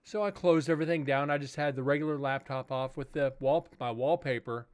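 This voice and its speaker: A man's voice: mid-range voice, a little fast, clean tone. A man hosting a livestream as a paranormal investigator, chatting casually and telling rambling, profane stories.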